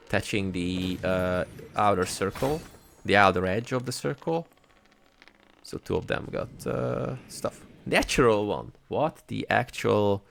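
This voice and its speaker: A man's voice: low-pitched, vocal fry, fairly bright tone. A man casually commenting on his own gameplay, joking around and reading upgrade text aloud. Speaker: gaming channel host. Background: game music.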